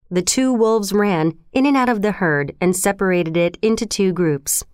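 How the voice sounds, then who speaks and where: Woman narrator, storybook reading, smooth resonant voice, dry close recording, mid pitch. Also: normal speed, few pauses, no echo. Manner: steady expressive storytelling. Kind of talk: scripted narration.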